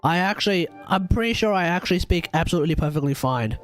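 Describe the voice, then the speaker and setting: A man's voice: sits high, expressive, fast, music in the background. Nasal-sounding man with a cold. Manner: rambling, joking, repeats himself. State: blocked nose from a cold. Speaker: game streamer. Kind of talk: casual live-stream chat.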